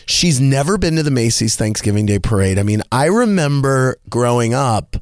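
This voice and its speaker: A man hosting a radio talk show, telling a story in a casual, animated way and acting out the people he quotes. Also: moderate pace, no echo, clean studio sound. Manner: animated, acts out quoted voices in a higher pitch. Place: radio studio.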